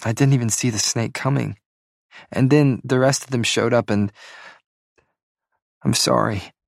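A woman's voice: a bass voice, a little slow, creaky, no room sound, studio quality, voice pushed up, heavily acted. A man voicing a smug young woman who teases in a sing-song way. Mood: weak.

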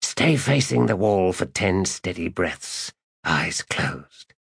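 A man voicing a cold, controlled stranger who threatens an assassin in an audiobook, in a raspy near-whisper. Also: deep voice, big pitch swings, slow, no echo, clean studio sound, exaggerated voice. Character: menacing mysterious male stalker, cold and controlled. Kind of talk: audiobook narration.

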